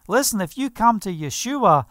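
A man's voice: high voice, very animated, normal speed, a bit bright, dry recording. Earnest preacher man, dry close sound. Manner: earnest, storytelling, emphatic. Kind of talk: sermon with personal testimony.

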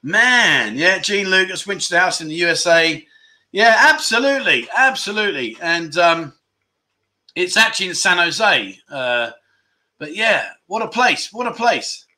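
A man's voice: high-pitched, big pitch swings, measured pace, pushed and bright. A man hosting a casual livestream, chatty and joking as he reads out viewer comments. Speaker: livestream host.

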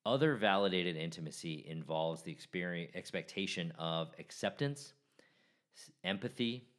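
Low-pitched man, forties, podcast host, easygoing and chatty with restarts. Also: expressive, moderate pace, fairly bright tone. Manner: casual, joking, restarts often. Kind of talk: solo podcast talk.

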